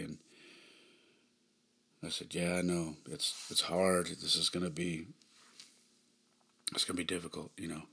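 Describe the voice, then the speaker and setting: A man in his thirties hosting a podcast, telling a personal story in a subdued, halting way with frequent sighs. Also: extremely low pitch, creaky, bright, forceful tone, slightly rough. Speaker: podcast host.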